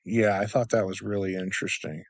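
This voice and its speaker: Gravelly man hosting, halting questions. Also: fairly low pitch, little pitch movement, no room sound. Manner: halting questions, many ums. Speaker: host. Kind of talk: live interview.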